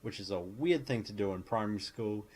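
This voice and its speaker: A man's voice: on the low side, fairly quick, darkish tone, slight background noise. A young man hosting a podcast, chatting casually and jokingly about an old TV episode. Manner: joking, acts out quoted lines in silly voices. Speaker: podcast host. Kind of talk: casual chat recapping a show.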